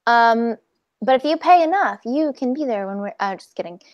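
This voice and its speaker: A woman's voice: on the high side, animated, moderate pace, highs cut off, crowd noise. A woman co-hosting a comedy podcast, hesitant with lots of ums, making dry jokes. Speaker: podcast co-host. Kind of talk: casual comedic chat.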